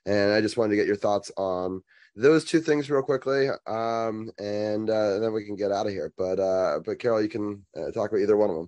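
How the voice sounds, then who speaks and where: A man's voice: on the low side, normal speed, a little mellow. A man hosting a casual chat, asking questions in a hesitant way with many fillers. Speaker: podcast host.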